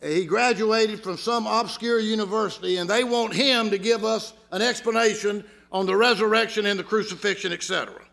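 Man, Georgia accent, pastor, sermon, bright tense tone, folksy storytelling. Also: sits high, a little fast, gravelly, hardly any pauses. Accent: Southern US, Georgia. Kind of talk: sermon with humorous stories.

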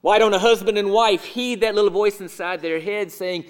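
A man preaching a sermon, asking rhetorical questions and swinging between emphatic and hushed delivery. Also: high-pitched, moderate pace, hardly any pauses, clean tone.

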